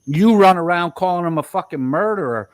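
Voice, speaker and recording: A man with a fairly high-pitched voice argues hotly and swears at his opponent without letup. The sound is dry and close, with no room around it. He berates and talks over the other person. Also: lively intonation, a little fast, no room sound. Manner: profane, aggressive, berating. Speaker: livestream debater. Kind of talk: heated livestream argument.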